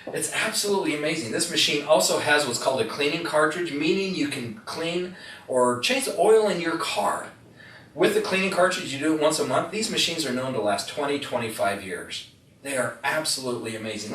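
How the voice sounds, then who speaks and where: Man, lively pitch, folksy storyteller, live demo, echoey room, distant mic. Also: moderate pace. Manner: folksy storyteller who quizzes the crowd. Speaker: product demonstrator. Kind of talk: live sales demonstration to an audience. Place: indoor room with audience.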